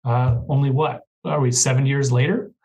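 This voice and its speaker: A man's voice: mid-range voice, fairly even intonation, moderate pace, darkish tone, low-quality recording. A man, a guest professor, talking earnestly in a podcast interview with many restarts.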